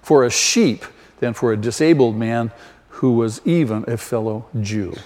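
A man preaching a sermon slowly and emphatically, with sudden loud rises for stress. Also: medium pitch. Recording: long hall reverb.

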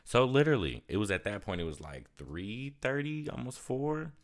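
A young man casually retelling a story for his vlog, with lots of "like" fillers and lively quoted asides. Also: medium pitch, normal speed. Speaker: vlogger.

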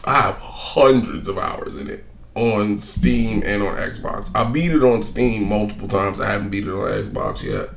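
A man's voice: on the low side, a little slow, gravelly, a little hiss or hum. A young man hosting a solo podcast, ranting bluntly and profanely in a rambling, offhand way. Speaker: podcast host. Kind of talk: casual solo podcast rant.

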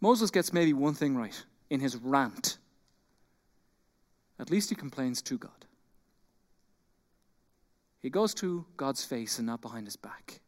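A man preaching a sermon as pastor, animated, acting out quoted complaints and then dropping into quiet intensity. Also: mid-range voice, takes it slowly, pauses often. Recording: long hall reverb.

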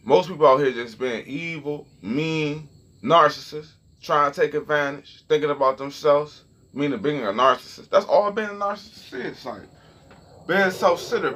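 A man's voice: on the high side, normal speed, fairly bright tone, a little hiss or hum. A young man telling a story and ranting in a casual, profane, heated way straight to his viewers. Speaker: vlogger.

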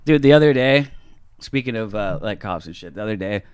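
A young man in his twenties telling a story in casual chat, swearing a lot and acting out other people's voices loudly. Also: lowish voice, lively intonation, fairly quick, clear, resonant tone.

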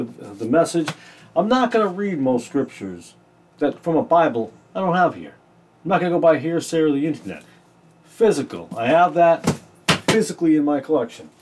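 A man hosting a casual podcast, comparing Bible verses with a sarcastic edge and reading scripture slowly with stress, in a small room. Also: mid-range voice, darkish tone, slightly rough.

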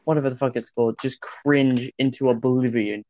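A man's voice: medium pitch, fairly even intonation, moderate pace, dark tone, lo-fi sound. A young man in casual chat, making blunt, dry remarks. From Britain.

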